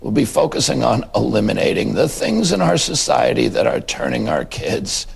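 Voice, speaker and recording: A synthetic man's voice playing a brash male public health official in a fake press statement, blunt and declaring, raspy and gravelly. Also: medium pitch, huge pitch swings, normal speed, heavily acted.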